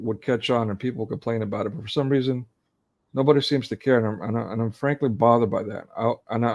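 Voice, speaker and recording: A man in his forties co-hosts a casual online discussion over a video call, his medium-pitched voice a little mellow. He speaks earnestly, gets emotionally charged, and often restarts his sentences.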